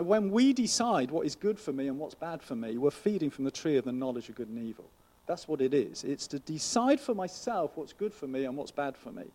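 A man delivers a sermon in an earnest, conversational way, often turning to the listeners with rhetorical questions. His voice sits a little high, yet it sounds warm and mellow rather than bright. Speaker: pastor.

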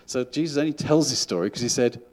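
A man's voice: mid-range voice, fast talker. A middle-aged man, a school chaplain, giving an informal sermon in a chatty, rambling way with frequent restarts.

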